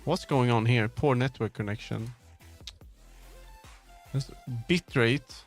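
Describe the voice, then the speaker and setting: Gravelly man muttering through tech trouble. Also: mid-range voice, slow, soft background music. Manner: muttering to himself while troubleshooting. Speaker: streamer. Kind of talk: casual live-stream chat. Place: home streaming setup.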